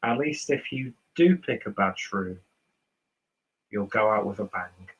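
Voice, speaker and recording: A man's voice: lowish voice, expressive, measured pace, dull audio, a little hiss or hum. A man from northern England with a posh southern English accent, rambling casually through viewer comments as host of a beer livestream. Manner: rambling, self-mocking, chatty. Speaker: beer reviewer streaming host.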